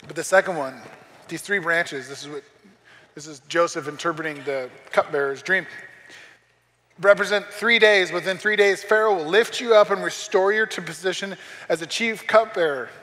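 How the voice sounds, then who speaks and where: A man's voice: a little high, normal speed, sharp tone, in a large hall. A man preaching a sermon as pastor, in a conversational style with joking asides. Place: church sanctuary.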